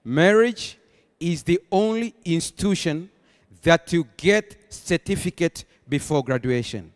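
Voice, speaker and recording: High-voiced pastor guy preaching slow, booming in a big echoey hall. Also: animated. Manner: preaching with rising emphatic bursts and slow stressed phrases. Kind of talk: sermon. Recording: long hall reverb.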